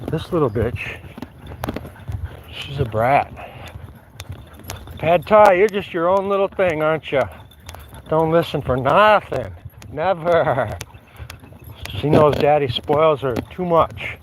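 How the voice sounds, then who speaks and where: A man's voice: fairly high pitch, lively intonation, takes it slowly, pauses often, a little hiss or hum, poor audio. A man casually chatting on a livestream while walking his dogs outdoors, rambling and talking to the dogs. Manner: rambling, talks to his dogs, breaks into song. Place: outdoors on a trail.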